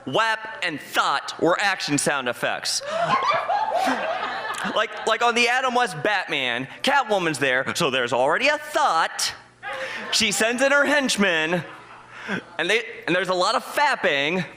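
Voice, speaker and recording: A man doing a short stand-up set at a comedy club, with an animated, punchy delivery. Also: high-pitched, measured pace. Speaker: stand-up comic.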